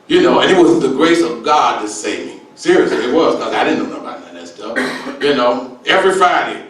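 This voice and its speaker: With a sing-song, medium-pitched voice and a fairly quick pace, a comedian in his sixties delivers stand-up, streetwise and brash, stuffed with wild exaggeration and "baby" asides. A crowd can be heard behind him, and the distant mic catches an echoey room.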